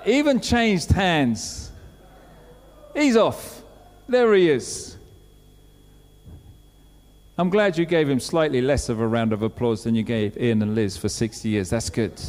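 A man preaching a sermon, telling a story with lively acted-out quotes. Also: mid-range voice. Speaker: pastor. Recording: long hall reverb.

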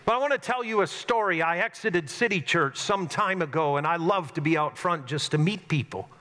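A man's voice: a little high, a little fast, sharp tone. A middle-aged man, a pastor, preaching a sermon in a church sanctuary, telling stories in an earnest way with self-mocking humor. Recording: long hall reverb.

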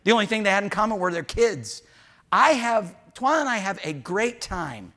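A man's voice: sits high, animated, normal speed, bright, forceful tone. A man preaching a sermon in church as pastor, candid and frank, with joking asides and quoted dialogue.

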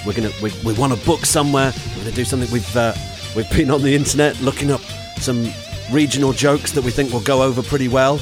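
A man's voice: medium pitch, steady tone, fast talker, hardly any pauses, music in the background. A man co-hosting a comedy podcast, joking around and putting on silly voices. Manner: playful, jokey, slips into silly voices. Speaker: podcast co-host. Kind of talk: comic podcast banter.

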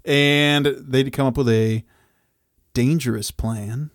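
A man trading amused, wry remarks about a movie in an easygoing chat. His voice is mid-pitched and dry, picked up close with no echo. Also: fairly even intonation, slow. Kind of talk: casual movie recap chat.

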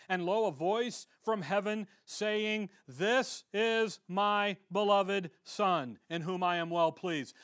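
A man with a high voice preaches from the pulpit, reading out scripture passages. He keeps it conversational, throwing rhetorical questions at the listeners. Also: fairly bright tone. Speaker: pastor. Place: church service.

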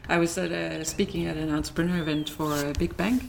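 Speaking quickly in a lowish, creaky voice with fairly even intonation, a married adult businesswoman talks frankly as an interview guest, laughing a lot in the casual chat. A bit of hiss or hum sits under the audio.

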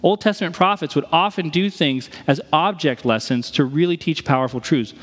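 A man's voice: on the high side, a little fast, a bit bright, long reverb tail. A man preaching a sermon in a conversational way, posing rhetorical questions to his listeners. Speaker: pastor.

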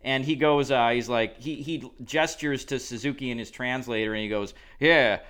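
A man's voice: mid-range voice, moderate pace, fairly bright tone. A man co-hosting a podcast, telling a long story in casual chat, rambling with lots of asides. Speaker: podcast co-host.

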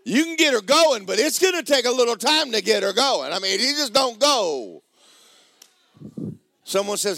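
A man's voice: extremely high pitch, very animated, normal speed, gravelly, dry recording, studio quality. Hollering preacher man. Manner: hollering, joking preacher with sudden shouts. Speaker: pastor. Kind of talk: sermon.

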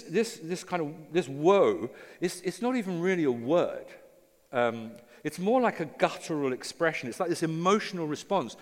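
A man's voice: a little high, in a large hall. A man preaching a sermon as pastor, in an informal, conversational way with many fillers and restarts.

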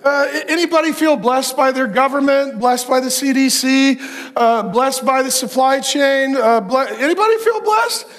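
A middle-aged male preacher with a notably high voice delivers an emphatic sermon. He stacks rhetorical questions and long lists, pressing each point home. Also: fairly even intonation, normal speed, fairly bright tone. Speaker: pastor. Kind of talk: sermon to men.

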